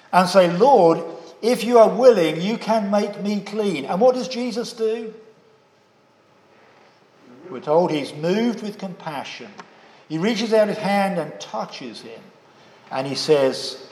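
A man's voice: fairly high pitch, darkish tone. Preaching man in an echoing hall. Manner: measured, with rhetorical questions to listeners. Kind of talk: sermon. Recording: echoey hall with long reverb.

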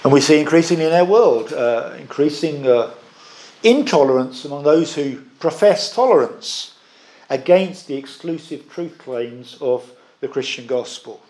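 A man preaching a sermon, earnest and emphatic, with measured pauses. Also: on the high side, animated, darkish tone.

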